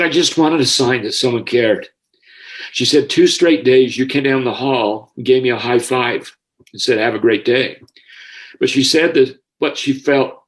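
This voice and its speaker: Older American man, guest storyteller, sincere and emotional, mid-pitched voice. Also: poor audio. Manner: heartfelt, gets emotional easily. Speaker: guest, former school counselor. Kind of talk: personal storytelling.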